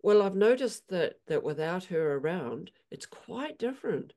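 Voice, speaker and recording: A woman equine therapist telling animated stories in an interview, acting out her horses' voices. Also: on the low side, a little slow. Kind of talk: storytelling in an interview.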